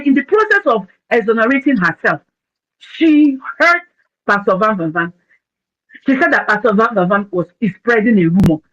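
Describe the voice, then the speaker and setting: A woman's voice: on the high side, fairly bright tone. Fiery woman on lo-fi audio. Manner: emphatic, repeats words for force. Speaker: speaker on an audio chat room. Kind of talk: impassioned commentary.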